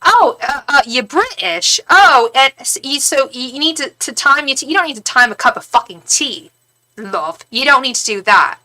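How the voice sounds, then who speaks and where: Woman putting on a snide Cockney woman, pitched high and bright, looking down on everyone. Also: animated, moderate pace. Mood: sneering. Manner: snide, condescending, swearing. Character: rude sneering London woman, middle-aged.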